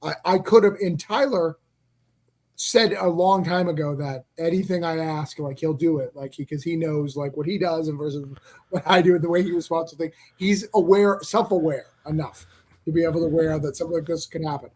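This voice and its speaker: A man's voice: on the high side, brisk, darkish tone. A man as a podcast guest, chatting casually and explaining things carefully, with frequent stammers and restarts. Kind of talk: casual chat.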